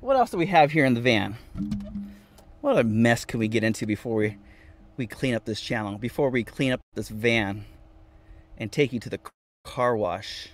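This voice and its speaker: A man's voice: medium pitch, lively intonation, moderate pace, long pauses, slight background noise. A man hosting a casual live stream from inside his van, reading viewer comments aloud and repeating phrases playfully. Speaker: vanlife livestream host.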